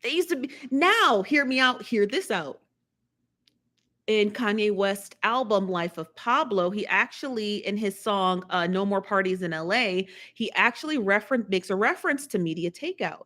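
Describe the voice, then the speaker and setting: A woman's voice: mid-range voice, lively intonation, moderate pace, fairly bright tone. Woman, live-stream host, casual gossip commentary, chatty, repeats phrases, laughs often.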